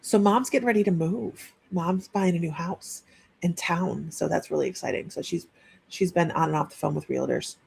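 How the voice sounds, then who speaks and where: A woman psychic medium giving a live-streamed reading in a husky, gravelly voice. She talks casually, relaying what she senses and often restarting mid-sentence. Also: on the low side, normal speed, darkish tone. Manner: chatty, relays messages with frequent restarts.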